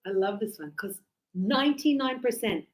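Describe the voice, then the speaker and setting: Acting out examples with animation, a woman teaching a pronunciation class in English speaks at a moderate pace in a fairly high voice, frequently making sure the class follows. The recording is rough.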